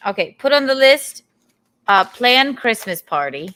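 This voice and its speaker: A woman's voice: on the high side, big pitch swings, measured pace, pushed and bright. A woman hosting a comedy podcast, teasing and bossing her co-host around in playful banter. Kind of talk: casual comedic chat.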